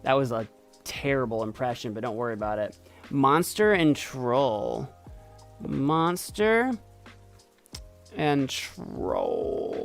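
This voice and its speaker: Lively, playful male streamer. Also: medium pitch, slow, creaky, soft background music. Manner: playful, excitable, thinking aloud. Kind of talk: casual gameplay commentary.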